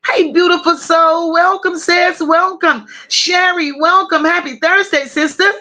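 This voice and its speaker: A woman hosting a casual livestream, slowly greeting viewers by name and reading their comments aloud. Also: very high-pitched, steady tone. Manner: warm drawn-out greetings with endearments. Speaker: livestream host.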